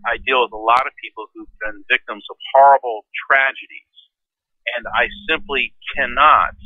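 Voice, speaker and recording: A man talking as a guest on an interview show, telling stories with animated, high-pitched acted-out voices. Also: no room sound, highs cut off. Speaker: guest, lawyer and medium. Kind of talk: interview storytelling.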